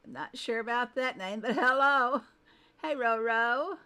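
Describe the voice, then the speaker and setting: A woman's voice: fairly high pitch, lively intonation, normal speed, pushed and bright, smooth. A woman hosting a casual game livestream, greeting viewers one by one by name and thinking aloud as she adjusts her screen. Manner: thinks aloud while fiddling with settings.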